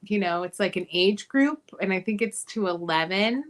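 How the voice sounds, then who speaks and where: A woman's voice: medium pitch, moderate pace. A woman hosting a casual chat, playful and teasing. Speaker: host.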